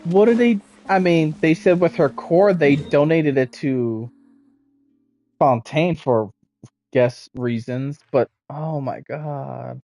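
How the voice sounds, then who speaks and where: A young adult streamer in casual let's-play commentary, excitable and gushing, exclaiming over and over. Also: mid-range voice, takes it slowly, no room sound.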